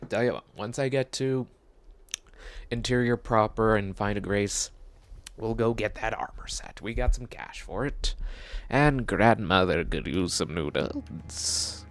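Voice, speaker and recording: Gravelly, jokey game streamer man. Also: lowish voice, unhurried, no room sound. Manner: jokey, rambling, talking to himself. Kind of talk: casual gameplay commentary.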